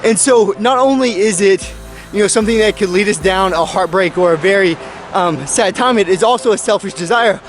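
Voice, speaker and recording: A young man talking in a fairly high voice, earnest and a touch preachy as he pushes his point in a self-shot vlog. Soft music plays faintly behind him. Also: fairly quick. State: out of breath. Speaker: medical student vlogger. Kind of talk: motivational vlog talk.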